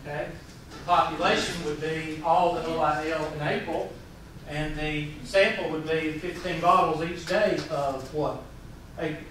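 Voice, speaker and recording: A man's voice: fairly high pitch, steady tone, unhurried, a bit bright, slight background noise. A man in his forties with a Southern US accent, a math teacher giving a folksy classroom lecture and quizzing his students. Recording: roomy classroom, mic far away.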